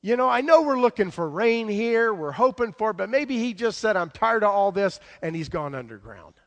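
A preacher voicing a fiery old prophet. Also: male voice, sits high, sing-song, moderate pace, big-room sound, pitched above the performer's own voice, full character voice. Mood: mocking. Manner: raised, loud and exhorting. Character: fiery ancient male prophet, scolding and mocking.

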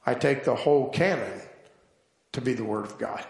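A man preaching a sermon, telling stories slowly and deliberately and building to emphatic points. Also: medium pitch, creaky, roomy sound. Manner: slow, deliberate storytelling with emphatic build-ups.

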